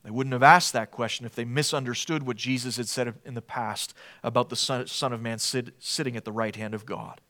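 A man preaching a sermon with passion. He swings between loud, emphatic declarations and hushed, low passages, and repeats short phrases for emphasis. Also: fairly even intonation, brisk, hardly any pauses. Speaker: pastor.

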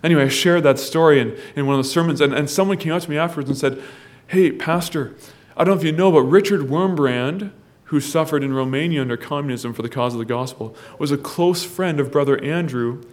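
A man preaching a sermon, telling a story and building to loud, impassioned exhortation. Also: on the high side, a little fast. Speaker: pastor.

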